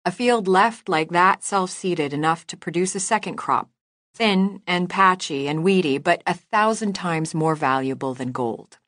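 An audiobook narrator, a woman with a fairly low voice, reads a novel in a measured, even storytelling style. The scripted narration is a dry, studio-quality recording.

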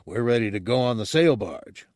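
A man's voice: medium pitch, expressive, moderate pace, a little mellow, no echo, natural voice. A man voicing a bossy male guard captain who barks orders in a storybook reading. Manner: barking orders.

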